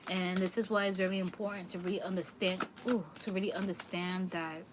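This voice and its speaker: A woman's voice: on the low side, level tone, a little fast, background noise. A woman giving a livestream tarot reading, talking earnestly and repeating phrases for emphasis. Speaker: tarot reader.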